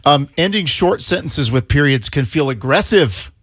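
A man's voice: a little high, lively intonation, normal speed, fairly bright tone, dry recording, clean studio sound. A man in his sixties, co-hosting a morning radio show in casual banter, reading items from a list and joking at his own expense. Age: 60s. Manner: chatty, self-deprecating, reads items aloud then comments. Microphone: studio microphone.

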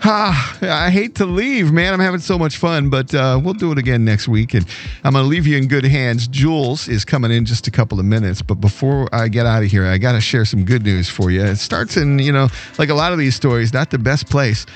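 A man hosting a radio show, telling a good news story in a lively, chatty way with fillers. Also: mid-range voice, brisk, soft background music. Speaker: radio host.

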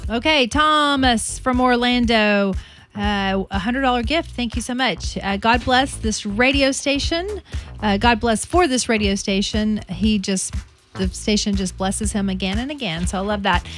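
Woman, Southern accent, radio co-host, high voice, warm chatter, music behind. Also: a little slow. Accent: Southern American. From American South. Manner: warm, laughs often, uses y'all. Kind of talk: radio fundraiser banter.

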